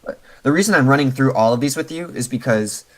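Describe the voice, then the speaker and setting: A man's voice: medium pitch, fast talker, low-quality recording. Patient man coaching over a voice call. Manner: patient, explains step by step with many fillers. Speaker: game coach.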